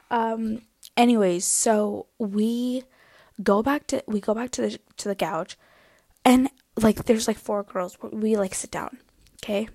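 A young woman hosting a podcast, telling a rambling story in a casual, animated way with lots of filler words. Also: fairly high pitch, a little slow, no echo, studio quality. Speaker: podcast host.

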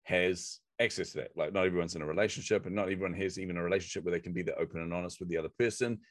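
A middle-aged man, a podcast guest telling a lively personal anecdote. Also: sits low, rapid-fire, no echo. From New Zealand. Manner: animated anecdotal delivery with acted quotes. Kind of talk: storytelling in a podcast interview.

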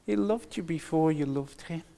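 Delivering a sermon slowly and with emphasis, this older man keeps circling back to his main phrases with earnest conviction. His voice sits fairly high and sounds warm yet creaky.

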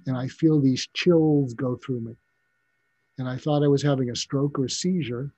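Older male psychiatrist, interview guest, reflective and halting; warm, breathy tone; dry, muffled lo-fi audio. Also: medium pitch, steady tone, dry recording. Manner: reflective, halting, with frequent restarts. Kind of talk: personal storytelling in a conversational interview.

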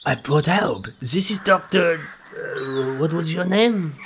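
A man's voice: a little high, slow pace, slight background noise. A man playing a cheeky, joking crew member in an amateur audio drama. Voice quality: jokey, loud and playful. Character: cheeky male crew member on a time-travel mission.

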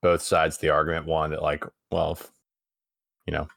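A man co-hosting a podcast, speaking in a hesitant, halting way in casual chat. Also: extremely low pitch, monotone, vocal fry, fairly bright tone, dry recording, studio quality.

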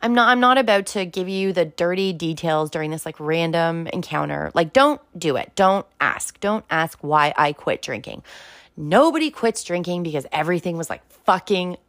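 A woman's voice: fairly low pitch, expressive, normal speed, fairly bright tone, no room sound, studio quality. A young woman venting bluntly to camera, swearing often and filling her talk with "like". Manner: blunt, profane, heavy use of "like". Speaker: vlogger talking about sobriety. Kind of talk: casual direct-to-camera rant.

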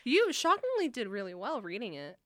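A young woman co-hosting a casual chat, talking in a relaxed, laid-back way. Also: on the high side, moderate pace, no echo, studio quality.

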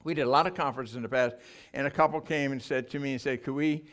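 An older man preaching in a church, telling mission stories in an animated, emotional way with frequent restarts. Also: medium pitch, fast. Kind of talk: sermon storytelling.

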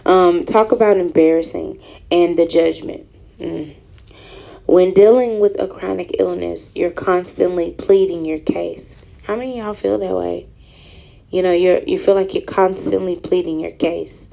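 Gravelly, mellow woman reading her own story. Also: lowish voice, fairly even intonation, lo-fi sound. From Houston, Texas. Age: 30s. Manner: frequent ums, soft and halting. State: emotional, near tears. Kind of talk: reading aloud with personal comments.

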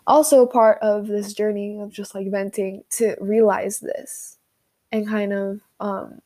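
A young woman venting in an unscripted monologue, halting with frequent fillers and pauses, recorded on a phone voice memo. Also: mid-range voice, flat delivery, mellow. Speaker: vlogger.

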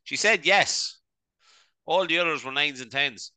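A man's voice: on the high side, measured pace, bright, forceful tone, clean tone, dry recording. A man co-hosting a casual comedy podcast, rambling and tagging "right?" onto his sentences. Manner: rambling, peppers speech with "right?". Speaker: podcast co-host.

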